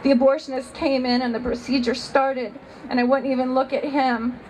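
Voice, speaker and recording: A woman's voice: sits high, flat delivery, normal speed, darkish tone, slight background noise, poor audio. A woman giving a personal testimony, telling her story earnestly and with emotion.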